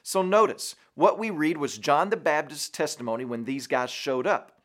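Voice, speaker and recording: A man's voice: a little high, moderate pace. A man delivering a short devotional sermon as a radio preacher, earnest and emphatic, stacking rhetorical questions.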